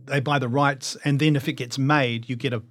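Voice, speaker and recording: A man's voice: mid-range voice, steady tone, brisk. Reflective middle-aged New Zealand man. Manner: reflective, self-deprecating, many restarts. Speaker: actor guest. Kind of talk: casual interview chat.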